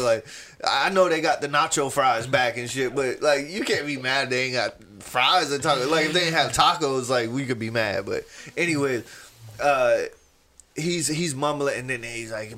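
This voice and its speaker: A man, a podcast host telling a profane, animated story in casual chat and acting out the people in it. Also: medium pitch, moderate pace, slight background noise. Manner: animated, profane, acts out quoted voices.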